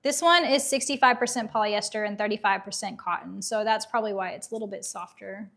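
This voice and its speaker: A woman's voice: mid-range voice, fast talker, creaky, a bit bright. A woman from Tennessee with a light Southern accent, hosting a casual livestream in a chatty, upbeat way and laughing easily. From Tennessee, USA. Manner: chatty, upbeat, laughs easily, reads viewer comments aloud. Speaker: livestream host.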